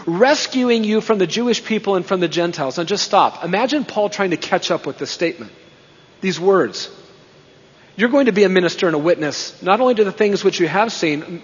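A man preaching a sermon, swinging between emphatic rises and hushed, quiet passages. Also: sits high, husky. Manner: emphatic preaching, rising and dropping to hushed tones. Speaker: pastor. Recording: dull sound with long reverb in a hall.

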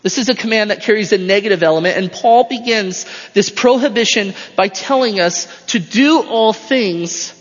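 A man's voice: high voice, fairly quick, few pauses, fairly bright tone. A male pastor preaching an expository sermon in a church, emphatic and repeating his phrases for stress. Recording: dull lo-fi sound with long hall reverb.

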